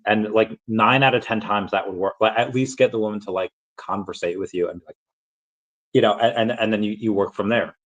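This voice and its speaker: A man in his late twenties or thirties hosting a casual livestream, rambling with many restarts and acting out pickup lines in a deeper voice. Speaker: livestream host. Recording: dull, lo-fi sound.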